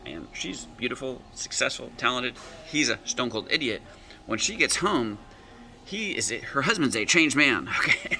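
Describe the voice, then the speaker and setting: A man's voice: mid-range voice, big pitch swings, moderate pace, pushed and bright, faint music behind. A male coach telling client stories, acting out their quoted words as back-and-forth dialogue. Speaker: emotional reset coach. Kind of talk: storytelling talk with client examples.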